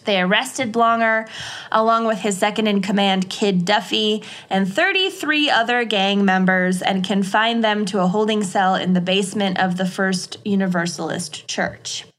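A woman's voice: mid-range voice, normal speed, fairly bright tone. A woman co-hosting a podcast, narrating a true-crime case from her notes with casual, chatty asides.

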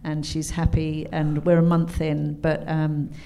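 A woman's voice: low voice, measured pace, creaky. A British woman in her fifties, an author, telling anecdotes at a live book talk, laughing and acting out quotes as she goes. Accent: British English. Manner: animated, laughing, acts out quotes in character.

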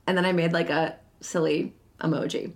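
A woman's voice: on the low side, level tone, moderate pace. A woman co-hosting a podcast in casual chat, telling a story animatedly and acting out messages, swearing freely. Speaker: podcast co-host.

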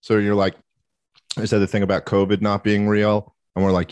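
A man's voice: on the low side, monotone, fast talker, darkish tone, smooth, no echo. A man co-hosting a podcast, teasing the others with dry sarcasm in casual chat. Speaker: podcast co-host. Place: podcast studio.

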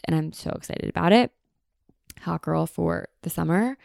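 A woman's voice: fairly low pitch, quick pace, vocal fry, darkish tone, no echo, clean studio sound. A young woman with an American accent, hosting a podcast in a gushing, chatty style full of "like," recorded at home in a beach town. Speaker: podcast host. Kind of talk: casual podcast monologue.

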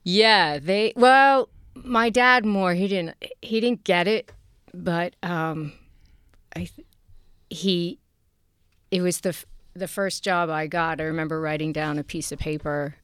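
A middle-aged actress from Queens with a New York accent, chatting in an interview with frequent laughs and halting restarts. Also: fairly low pitch, fairly bright tone, clear, resonant tone, dry recording, clean studio sound. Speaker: actress guest. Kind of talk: casual interview chat.

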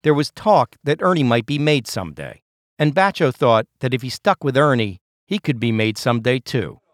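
A man hosting and narrating a true-crime podcast in a measured, scripted storytelling delivery. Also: medium pitch, animated, no room sound, clean studio sound.

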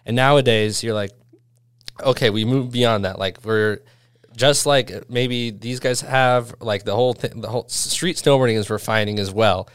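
A man's voice: mid-range voice, moderate pace, clear, resonant tone, dry recording, clean studio sound. A man hosting a podcast, chatting casually, rambling with restarts and laughing often. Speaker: podcast host. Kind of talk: casual chat.

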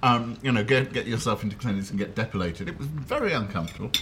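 A man's voice: medium pitch, animated, fast, a bit bright, slight background noise. A man hosting a casual chat over a restaurant meal, telling wry, self-deprecating stories. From London. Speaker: host. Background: cutlery and dishes clattering.

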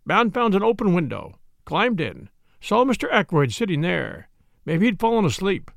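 Brisk country inspector, clipped and firm, as a male reader plays him; gravelly, lively delivery for an audiobook mystery. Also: high voice, no echo, clean studio sound, heavily acted. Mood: brisk, probing. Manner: brisk and clipped, sharp questions. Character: brisk, businesslike male village police inspector.

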